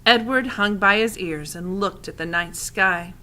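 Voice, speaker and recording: Bright-voiced woman reading aloud. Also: mid-range voice, measured pace. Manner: expressive, with asides to listeners. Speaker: audiobook reader. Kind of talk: reading a children's novel aloud.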